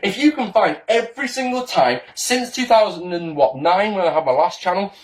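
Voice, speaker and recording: A man rants straight into his camera in a small room, combative and sarcastic. His voice swoops high and low with every jab, and he swears freely as he picks apart someone else's claims. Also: lively intonation, normal speed. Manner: sarcastic, indignant, swears often. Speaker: wrestling YouTuber. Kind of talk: combative response-video rant.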